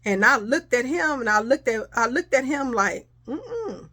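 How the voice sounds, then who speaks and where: A woman's voice: fairly high pitch, moderate pace, pushed and bright. A middle-aged woman, telling a personal story in a casual chat and acting out the voices. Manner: chatty, addresses listeners as y'all, acts out quotes.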